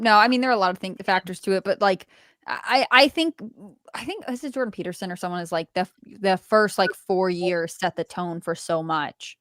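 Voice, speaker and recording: A woman's voice: medium pitch, brisk, fairly bright tone, no echo, studio quality. A woman guest in casual chat, speaking thoughtfully with hesitations. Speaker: podcast guest.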